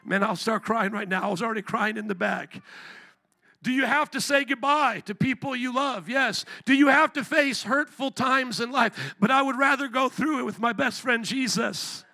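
A man's voice: very high-pitched, normal speed, gravelly, bright, forceful tone. A man preaching a sermon at a church service, fervent and repetitive, with rhetorical questions. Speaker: pastor.

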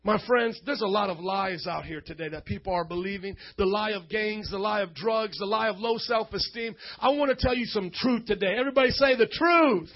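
A man preaching a sermon to a youth crowd from a stage, loudly leading call-and-response and often shouting. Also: high-pitched, brisk, few pauses, dull audio.

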